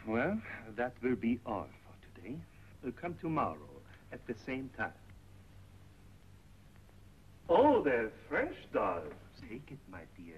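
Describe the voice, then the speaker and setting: An actor playing a soft-spoken, coaxing shopkeeper with scheming motives in a 1930s film. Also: male voice, medium pitch. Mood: oily. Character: smooth, scheming shopkeeper courting a young woman. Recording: muffled old 1930s film soundtrack with hiss.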